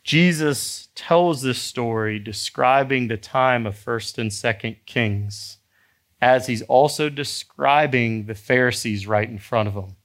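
A male pastor preaching a sermon, animated and emphatic, acting out the people in his story. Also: medium pitch, slow. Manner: animated, acts out characters, rising to emphatic exhortation.

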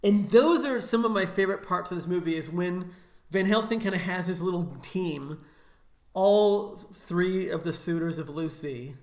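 A man's voice: high voice, normal speed, roomy sound. A man co-hosting a film podcast, chatting casually and enthusiastically, with lots of fillers. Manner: enthusiastic, filler-heavy, laughs often. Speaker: podcast co-host.

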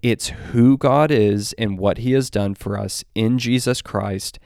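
A man with a fairly low voice delivers earnest, scripted commentary on preaching. He talks emphatically and slows right down to press his main points. The sound is dry and close, with no room around it. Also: creaky, darkish tone, clear, resonant tone, dry recording. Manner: earnest, emphatic, with deliberate slowed stresses. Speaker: Christian commentator.

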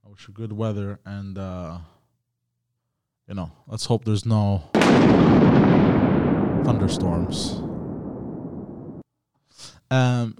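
Low-ish and darkish yet clean in tone, a man's voice is captured in a dry studio-quality recording. He's on a live stream, ranting casually to his viewers in a loose, profane, meandering way.

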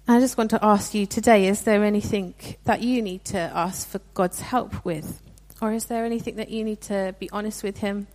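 A woman's voice: mid-range voice, fairly even intonation, normal speed, hardly any pauses, darkish tone. A young woman giving a sermon in a conversational, earnest way, with frequent restarts. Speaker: preacher.

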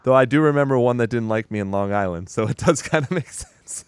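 A man casually retelling a horror movie's plot as a podcast co-host, animated and profane, acting out bits of dialogue. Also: mid-range voice, brisk, clean tone, dry recording. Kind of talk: casual movie recap chat.

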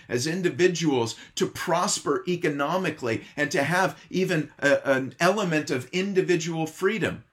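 A man pastor preaching an earnest sermon, opening with a prayer and leaning on key words by slowing down. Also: a little high, fairly bright tone.

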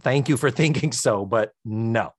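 A man's voice: mid-range voice, unhurried, slightly rough, dry recording, clean studio sound. A man from Puerto Rico co-hosting a podcast, recapping a sitcom episode in casual chat, acting out the characters' lines with lots of laughter and swearing. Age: young adult. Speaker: podcast co-host.

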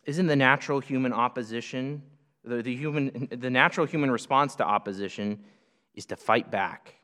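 A man's voice: medium pitch, moderate pace, pushed and bright. A man preaching a sermon, emphatic and full of rhetorical questions. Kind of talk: sermon teaching. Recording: long hall reverb.

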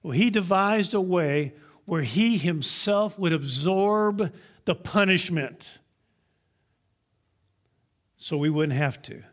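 A man preaching a sermon as pastor, emphatic, slowing down to stress key words and using props to illustrate his point. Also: sits high, lively intonation.

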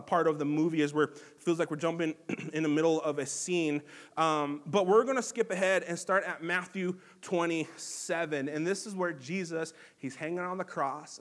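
Male pastor, high voice, earnest conversational sermon delivery with fillers and restarts. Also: fairly bright tone. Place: church sanctuary.

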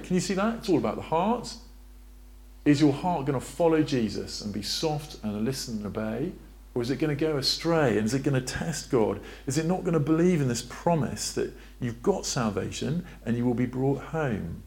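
A man preaching a sermon in a church, lively and questioning, drawing on a board as he talks. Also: mid-range voice, normal speed, gravelly. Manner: lively, asks the congregation questions, draws on a board.

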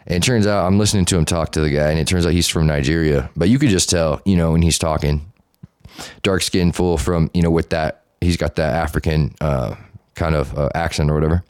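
A young man hosting a podcast, telling a casual, profane story and acting out the quotes loudly. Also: very deep voice, steady tone, fairly quick, clear, resonant tone, no echo, clean studio sound. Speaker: podcast host.

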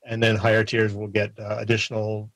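A man's voice: on the low side, monotone, a bit bright, no echo, poor audio. A man talking as a podcast guest in a friendly, casual way, often restarting his sentences. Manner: friendly, halting with many restarts. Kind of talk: casual interview chat.

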